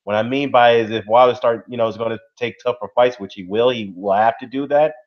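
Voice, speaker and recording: A man hosts a casual live stream about boxing, filling his talk with "you know" and "man" as he greets the chat. His voice sits at an ordinary middle pitch. The sound is dull and lo-fi. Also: fairly even intonation, fairly quick. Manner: rambling, many "you know" and "man" fillers. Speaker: boxing YouTube host.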